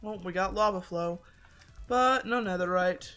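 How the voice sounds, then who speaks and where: A woman's voice: medium pitch, a little slow, fairly bright tone, soft background music. A woman streaming a video game, chatting casually and joking at her own expense, with a slightly congested throat. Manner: chatty, self-deprecating, swearing. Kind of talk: casual gaming commentary.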